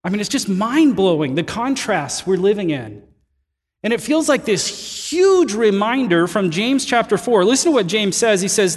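High-voiced pastor in an echoing hall. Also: male voice, normal speed, slightly rough. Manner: conversational storytelling, animated and self-deprecating. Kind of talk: sermon.

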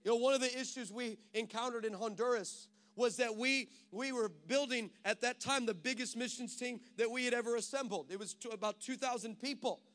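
A man's voice: very high-pitched, brisk, few pauses, fairly bright tone. A male pastor preaching a sermon in an emphatic, punchy way.

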